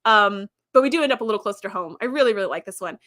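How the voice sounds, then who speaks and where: A woman's voice: mid-range voice, animated, rapid-fire, fairly bright tone. A woman host recapping episodes in a chatty way, with fillers and quoted lines acted out. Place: streaming setup.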